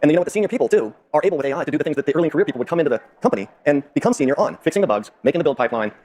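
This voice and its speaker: A man's voice: fairly high pitch, lively intonation, racing, darkish tone. A man co-presenting at a tech talk, explaining engineering problems in an earnest, detailed way. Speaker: conference presenter. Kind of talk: technical explanation.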